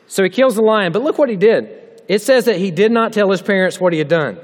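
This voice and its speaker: High-voiced Southern preacher in a reverberant hall. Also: male voice, fairly quick. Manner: folksy, joking asides, direct address to the audience. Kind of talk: humorous chapel sermon. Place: chapel hall.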